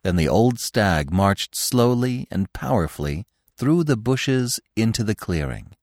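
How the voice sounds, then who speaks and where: A man's voice: on the low side, big pitch swings, a little slow, a little mellow, no room sound, clean studio sound. A man narrating a classic children's story expressively as a podcast host. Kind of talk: audiobook narration.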